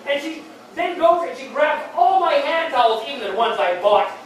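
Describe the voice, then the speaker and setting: A man doing stand-up storytelling on stage, rambling and halting, with many fillers and restarts. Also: very high voice, expressive. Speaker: stand-up comic. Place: beer hall comedy stage. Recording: very echoey hall, distant mic, faint noise.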